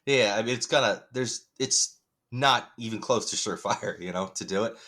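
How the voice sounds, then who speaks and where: A man's voice: on the low side, moderate pace, sharp tone. Rambling, hedging man chatting casually. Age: adult parent. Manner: rambling, hedging, laughs often. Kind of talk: casual chat.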